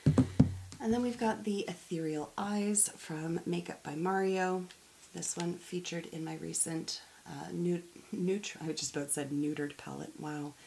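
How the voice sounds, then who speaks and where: Low-voiced chatty woman vlogger. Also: measured pace, creaky, mellow, slight background noise, rough recording. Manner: chatty, self-deprecating, stumbles over words and laughs at herself. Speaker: beauty YouTuber. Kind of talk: casual chat to camera.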